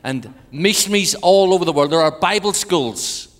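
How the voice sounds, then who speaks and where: A man's voice: sits high, animated, normal speed. A man with an Irish accent, a visiting preacher giving a sermon full of jokes and prayer to a congregation. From Ireland. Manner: joking with the congregation, then hushed prayer. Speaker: guest preacher. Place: large church. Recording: long church hall reverb.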